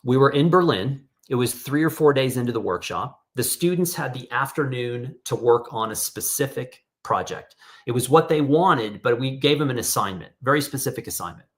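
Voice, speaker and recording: A man's voice: mid-range voice, expressive, moderate pace. A middle-aged man hosting an online photography workshop over a video call, casually telling stories and acting out the people in them. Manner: casual storytelling, acts out quoted voices. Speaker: workshop host.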